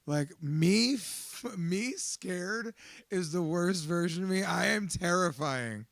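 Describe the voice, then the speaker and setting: Raw, gravelly man telling his story. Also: high-pitched, lively intonation, slow, dry recording, clean studio sound. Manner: raw, profane, confessional, swings into shouting. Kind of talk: emotional personal testimony.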